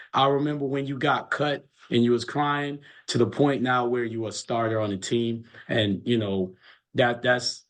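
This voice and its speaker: Earnest storytelling coach, a man. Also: medium pitch. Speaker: college basketball coach. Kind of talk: casual chat.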